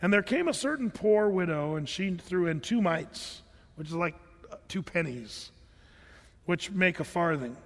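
A man pastor giving a conversational sermon, repeating words as he goes and reading scripture slowly and earnestly. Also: high voice, animated, long reverb tail.

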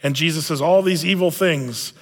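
A male pastor preaches in a relaxed, conversational way, often pausing on small fillers and restarting his phrases. His voice sits a little above the usual male range. The sound carries a long reverb, as if in a large hall. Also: a little high. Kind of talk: sermon.

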